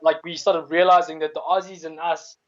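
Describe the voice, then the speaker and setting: A man with a South African accent talks in a loose, rambling way, circling back and restarting his sentences and swearing now and then. His voice sits a little high for a man. The audio is dull and lo-fi. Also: level tone, brisk, fairly bright tone. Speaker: comedian guest. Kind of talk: casual chat.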